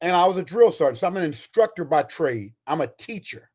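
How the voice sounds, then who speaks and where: His voice is on the high side, a little mellow, with big swings in pitch. He's a retired Army Ranger and author in his sixties, appearing as a guest and telling animated stories at a fast, emphatic clip.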